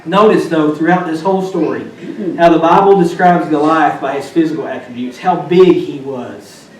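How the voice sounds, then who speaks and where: A man preaching a sermon as a student pastor, telling the story with lively, playful asides. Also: on the high side, moderate pace, slight background noise. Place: church sanctuary. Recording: echoey room from far off.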